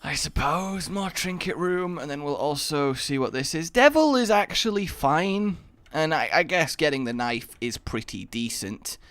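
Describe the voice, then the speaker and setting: A man's voice: fairly high pitch, animated, normal speed, fairly bright tone, no room sound. A young man giving rambling, self-mocking commentary while playing a video game. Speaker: gaming YouTuber. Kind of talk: Let's Play commentary.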